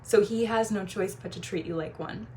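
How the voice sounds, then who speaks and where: A young adult woman, a feminine energy coach, giving casual advice and telling personal stories in an animated way, changing her voice when she quotes people. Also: mid-range voice, moderate pace, a little hiss or hum. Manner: animated storyteller, shifts voice when quoting people.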